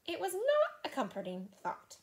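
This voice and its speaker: A woman teacher reading a children's chapter book aloud to her class with expressive storytelling. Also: medium pitch, normal speed.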